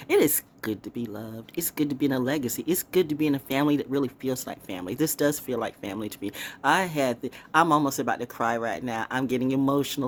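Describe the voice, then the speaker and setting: A woman vlogging in a casual, rambling monologue, swinging from hushed asides to excited exclamations. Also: extremely low pitch, quick pace, hardly any pauses, a little hiss or hum. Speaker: spiritual vlogger, oracle reader.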